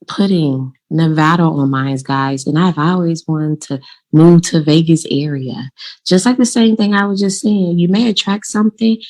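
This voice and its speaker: A woman vlogging casually, giving motivational law of attraction tips and telling her own story in an animated, informal, direct way. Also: lowish voice. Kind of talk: casual motivational vlog talk.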